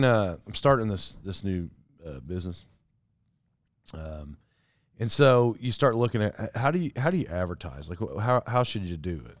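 A man's voice: medium pitch, fairly bright tone, no room sound, studio quality. A middle-aged man telling rambling, self-aware stories in a casual solo monologue.

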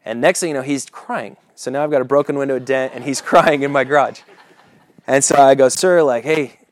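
A man's voice: medium pitch, fairly even intonation, a little fast, a little hiss or hum. A man preaching a sermon, telling a personal story in a casual, chuckling way and often asking the listeners "right?".

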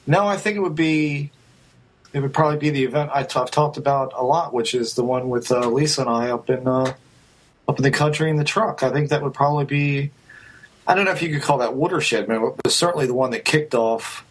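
A man answers a question in relaxed chat, pausing and weighing his words as he thinks aloud. His voice sits at an ordinary pitch for a man. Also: rough recording. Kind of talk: casual chat.

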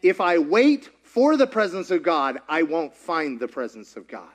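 Animated high-voiced male preacher. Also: a little slow. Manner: animated, chatty, laughs often. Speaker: pastor. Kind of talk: sermon with storytelling.

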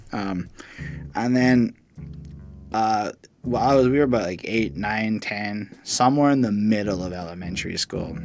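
A man in his thirties co-hosting a music review podcast, talking in a candid, profane and reflective way. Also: fairly low pitch. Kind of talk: casual chat.

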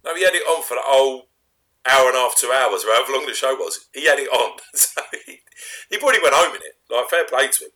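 A man recapping a wrestling show in a rambling way, often trailing off quietly. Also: mid-range voice, very animated, fast. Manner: rambling recap, drops to a mumble. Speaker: co-host. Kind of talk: casual chat.

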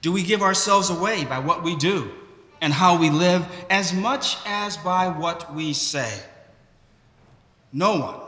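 A man preaching a sermon in a church, speaking in a measured way with occasional restarts. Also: fairly high pitch, pushed and bright. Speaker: priest. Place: large church. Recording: echoey church hall.

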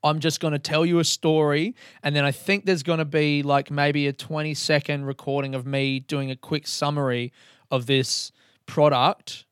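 A man's voice: fairly high pitch, flat delivery, moderate pace, clear, resonant tone, dry recording, clean studio sound. A man of thirty, hosting a solo podcast in a rambling, self-mocking way and swearing often. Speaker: podcast host.

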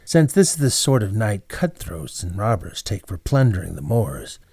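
A man's voice: on the low side, big pitch swings, normal speed, darkish tone, breathy edge, no echo, clean studio sound, exaggerated voice. A man voicing the innkeeper's cheerful, confident young son. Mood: wary.

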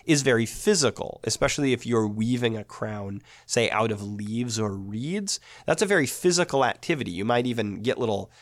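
A man with a gravelly, fry-edged voice gives a patient, methodical lecture on biblical poetry. His pitch sits in the middle range, and he explains each point step by step. The recording is close and dry, with no room sound. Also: expressive, moderate pace, hardly any pauses, no echo.

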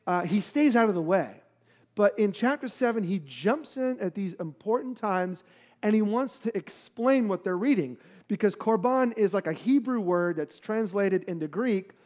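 A man's voice: high-pitched, darkish tone. A man preaching a sermon, explaining scripture in a conversational teaching manner with occasional fillers. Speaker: pastor.

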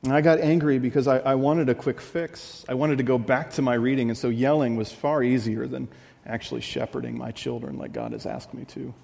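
Male pastor, mid-pitched, earnest confessional sermon, recorded with long hall reverb. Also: fairly even intonation, fairly quick, gravelly, darkish tone. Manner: earnest, confessional preaching with repeated phrases.

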